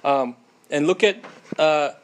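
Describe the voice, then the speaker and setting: A man's voice: on the high side, slow. A man preaching a casual sermon in a conversational way, with many fillers and frequent tag questions.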